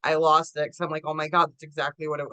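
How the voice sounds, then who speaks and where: A woman co-hosting a podcast, telling stories in a lively, casual way and acting out quotes. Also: sits low, fast talker, dry recording. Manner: animated storyteller, acts out quotes, laughs often. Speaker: podcast co-host. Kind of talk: casual chat.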